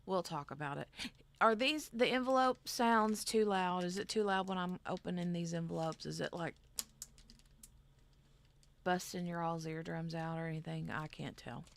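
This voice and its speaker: A woman's voice: on the low side, normal speed, vocal fry. A woman hosting a casual craft livestream, chatting in a rambling way and reading out viewer comments. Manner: rambling, chatty, reads chat aloud. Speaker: craft channel host.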